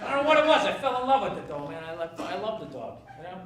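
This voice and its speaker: A man's voice: sits high, sing-song, very fast. A male stand-up comedian doing a sarcastic, profane rant on stage. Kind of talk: stand-up routine. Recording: echoey distant recording with loud noise. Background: audience laughter.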